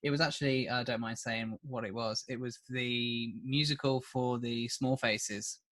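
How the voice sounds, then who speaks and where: A man hosting a podcast, talking casually in a relaxed, halting way with many ums and restarts. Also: mid-range voice, no echo. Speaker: podcast host, actor. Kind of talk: casual chat.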